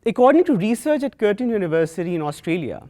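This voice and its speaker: A young man with a Pakistani accent delivers a prepared talk, earnest and measured, pausing deliberately between phrases. His pitch rises and falls widely as he speaks. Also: big pitch swings, warm tone. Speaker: student speaker.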